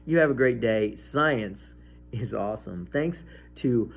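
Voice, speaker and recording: A man hosting a casual science demonstration and pep talk, excitable and enthusiastic, often breaking into laughs. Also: mid-range voice, slow pace, creaky. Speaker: science video host.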